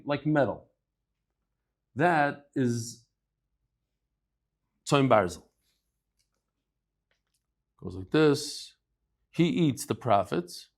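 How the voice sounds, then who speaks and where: A man giving a daily Talmud lecture, conversational and lively, acting out bits of dialogue as he explains with everyday examples. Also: mid-range voice. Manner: lively, acts out dialogue in quick asides. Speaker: Talmud teacher.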